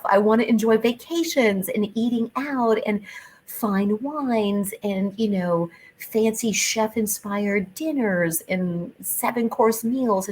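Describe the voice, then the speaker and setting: Middle-aged woman, podcast host, chatty and animated, mid-pitched voice, faint noise behind. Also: rough recording. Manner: chatty, animated, playful asides. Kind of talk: solo podcast talk.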